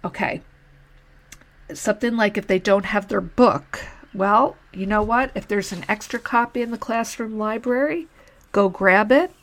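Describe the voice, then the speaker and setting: A woman's voice: mid-range voice, measured pace. A woman teacher hosting her own podcast, giving frank, matter-of-fact classroom advice in a conversational way. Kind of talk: solo podcast advice talk.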